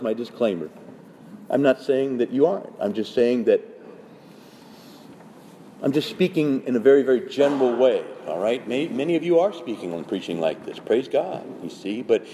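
A man's voice: medium pitch, dark tone. A man, a Catholic priest speaking to fellow priests, preaching urgently with many restarts and reading scripture aloud. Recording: long hall reverb, faint background noise.

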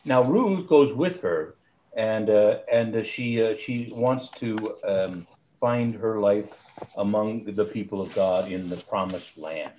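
A man's voice: lowish voice, slow, slight background noise. Man leading a video-call Bible study. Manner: rambling, restarts, chuckles at his own jokes. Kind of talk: casual online Bible study teaching. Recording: slightly dull video call audio.

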